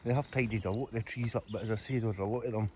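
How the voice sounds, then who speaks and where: A Scottish man narrates a relaxed walking vlog in a mellow, warm voice, rambling from one sight to the next. He is filmed outdoors on a handheld camera. Faint birdsong and outdoor sounds sit behind him. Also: fairly low pitch, very fast, a little hiss or hum. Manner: chatty, rambling, talks to his dog. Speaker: vlogger. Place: outdoors by a reservoir.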